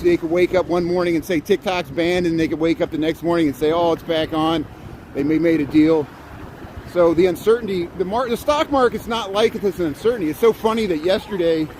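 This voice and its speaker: A middle-aged man talks to his livestream viewers while he walks outdoors through wet snow, his voice set a touch high for a man. He rambles, chuckles often and greets people by name, with faint traffic hum around him. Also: darkish tone. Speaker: live-streaming vlogger. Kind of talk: casual walking livestream chat.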